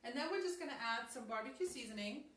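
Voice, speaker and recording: A woman's voice: fairly high pitch, lively intonation, fast talker, fairly bright tone. A woman hosting a casual live-stream cooking demonstration from a home kitchen, chatty and upbeat, talking straight to her viewers with frequent ums. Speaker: host of a live cooking demo. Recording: echoey kitchen, distant mic, faint noise.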